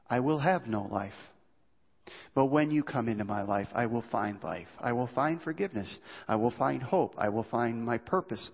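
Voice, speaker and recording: A man preaching a sermon as pastor, earnest and pleading, often dropping to a hushed low voice. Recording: dull sound in a reverberant hall.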